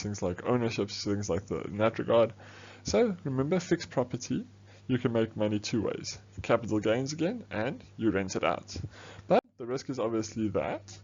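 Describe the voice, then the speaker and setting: A man teaching an exam revision lesson on business studies, explaining quickly and chattily with frequent "okay"s. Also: medium pitch, darkish tone, dull audio.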